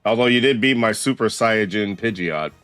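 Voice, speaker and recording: Young male gaming streamer, low-set voice, dry close sound, loose and sweary. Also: moderate pace, fairly bright tone, clean tone, no room sound, faint music behind. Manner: sweary, joking, reads dialogue aloud. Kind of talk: casual gameplay commentary.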